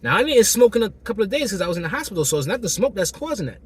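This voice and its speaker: A man with a hoarse, still-recovering throat tells a personal story to camera in a loose, slangy way, repeating himself and acting out the exchanges. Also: high-pitched, very animated, racing, slight background noise. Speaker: vlogger telling a personal story.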